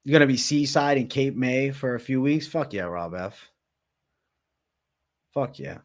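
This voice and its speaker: A man's voice: mid-range voice, lively intonation, unhurried. Young man swearing through a livestream. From Massachusetts, USA. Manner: loose and profane, swears constantly. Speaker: livestream host. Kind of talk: casual livestream chat, reading viewer comments.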